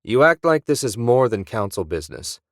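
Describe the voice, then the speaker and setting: A man's voice: mid-range voice, big pitch swings, normal speed, no room sound. A man voicing a weary space pilot who talks in a dry, matter-of-fact way.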